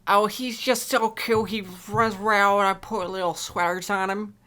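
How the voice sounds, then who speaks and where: A man's voice: high voice, flat delivery, normal speed, sharp tone, smooth. A man voicing a doting middle-aged pug owner who gushes and rambles about the dog.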